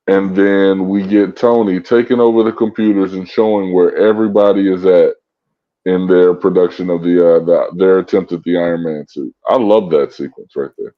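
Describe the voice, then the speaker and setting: A man co-hosting a podcast in casual chat, enthusiastic and quick to laugh. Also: low voice, fairly even intonation. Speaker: podcast co-host. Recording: dull lo-fi audio.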